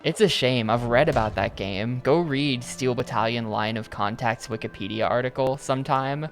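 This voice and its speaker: A man chatting casually over his gameplay stream, circling back and hedging with "like" and "I think" as he goes. His voice sits at a medium pitch, with soft game music running in the background. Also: normal speed. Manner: rambling, hedging with lots of "like".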